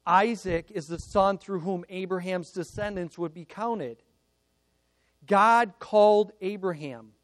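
A man preaching a sermon, retelling a scripture story in an earnest way and moving between emphatic lines and hushed, personal ones. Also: high-pitched, slow, dry recording.

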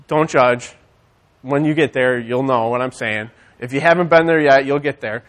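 A man preaching a sermon, animated and conversational, swinging from loud rallying calls to quiet storytelling. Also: mid-range voice, moderate pace. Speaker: church speaker.

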